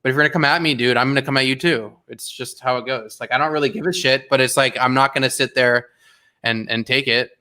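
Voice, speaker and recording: Bright-voiced young man ranting on stream. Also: mid-range voice, fast. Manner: animated, rambling with many fillers and restarts. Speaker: streamer hosting a watch party. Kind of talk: casual livestream chat.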